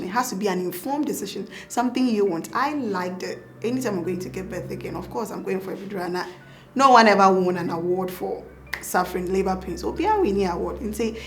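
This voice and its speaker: A woman's voice: medium pitch, slight background noise. A woman with a Ghanaian accent, a doctor and mother, tells her birth story in a casual interview, acting out her own past words with laughter.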